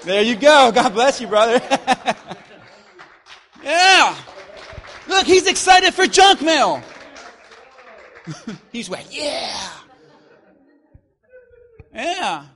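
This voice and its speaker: High, bright-voiced preaching pastor. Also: male voice, very animated, extremely slow, pauses often, some chatter behind, a little hiss or hum. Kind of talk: sermon. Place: church.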